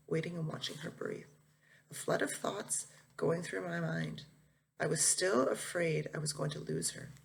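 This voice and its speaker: A woman teacher reading a memoir aloud to her students in an earnest, unhurried way. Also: low-pitched, creaky, a bit bright.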